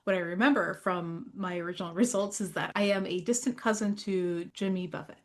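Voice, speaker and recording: A woman's voice: on the low side, brisk. A woman co-hosting a podcast, recapping a movie in a casual, chatty way with dry humor. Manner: wry, chatty. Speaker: podcast co-host.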